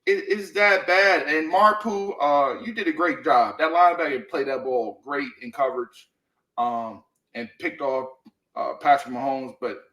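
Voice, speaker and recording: A man's voice: fairly high pitch, measured pace, fairly bright tone, echoey room, low-quality recording. A man co-hosting a casual sports talk show, blunt and profane, leaning on "man" and "you know what I mean.". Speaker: sports podcast co-host.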